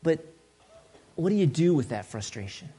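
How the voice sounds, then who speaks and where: A male pastor preaching a sermon in a conversational, joking way, swinging between loud and soft. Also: on the high side, very animated, moderate pace, husky.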